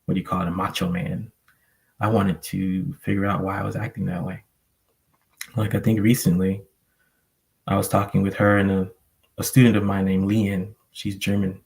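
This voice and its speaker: Low gravelly man, reflective and rambling. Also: a little mellow, low-quality recording. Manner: rambling, reflective, many fillers. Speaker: panel guest. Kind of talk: personal storytelling on a live panel. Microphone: online call microphone.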